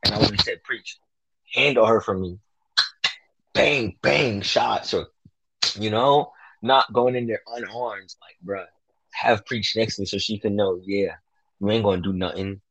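A young man co-hosting a casual podcast, talking excitedly and boasting, full of slang, about calling his predictions. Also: lowish voice, measured pace, gravelly, pauses often, slightly rough, no echo, low-quality recording. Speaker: podcast co-host.

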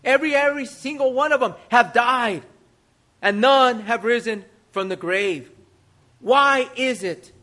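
Male pastor, sermon delivery, very high pitch, rhetorical questions and repetition. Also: unhurried, pushed and bright. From United States. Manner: emphatic rhetorical questions, repeats phrases.

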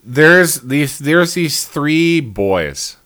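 A man's voice: fairly high pitch, expressive, extremely slow, fairly bright tone. A man co-hosting a casual podcast, reviewing a TV show with sarcasm, frequent swearing and laughter. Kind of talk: casual chat.

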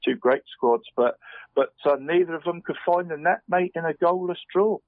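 A man on the radio giving a casual run-through of local football results, halting and restarting, saying "mate" at nearly every turn. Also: on the high side, dry recording. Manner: chatty, says "mate" constantly, halting restarts. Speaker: radio sports presenter. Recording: phone-line quality radio audio.

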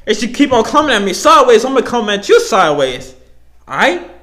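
A young man from Canada rants solo on his podcast, cursing freely and leaning on slang. His voice sits high for a man and swings widely up and down as he gets worked up. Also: fast. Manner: profane, animated ranting with slang. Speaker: podcast host.

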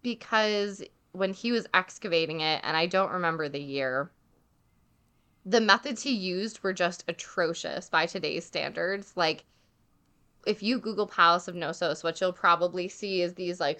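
A woman's voice: on the low side, unhurried, clean tone. A young woman telling a travel story in casual chat, full of "like" and acted-out quotes. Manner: chatty, heavy filler "like", animated quoting.

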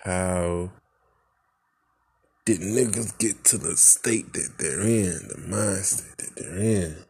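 A man's voice: deep voice, takes it slowly, darkish tone, husky. A man venting in an angry, profane rant, full of rhetorical questions and frustration.

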